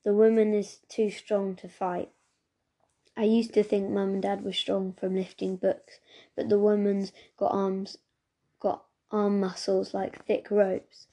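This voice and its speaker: A woman reads a novel aloud at a steady, unhurried storytelling pace. Her voice is warm and mellow, with little rise and fall. The narration stays even from line to line. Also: medium pitch. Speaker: reader.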